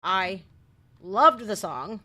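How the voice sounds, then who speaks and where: A middle-aged woman, chatting loudly and excitably on a live stream while reacting to music videos. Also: medium pitch, drawn-out words. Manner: loud, brash and excitable, shouting and laughing.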